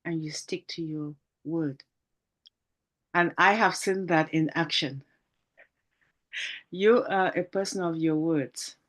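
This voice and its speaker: A woman's voice: sits low, slow pace, long pauses. Fervent woman giving a tribute speech. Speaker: panel team member. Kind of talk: tribute speech on a video call.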